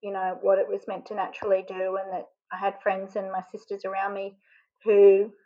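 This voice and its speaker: A woman from Australia recounts a deeply personal story in a flat, even voice, pausing and catching her breath as emotion rises. The recording sounds a little dull and lo-fi. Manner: halting, emotional, often choked up. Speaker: interview guest.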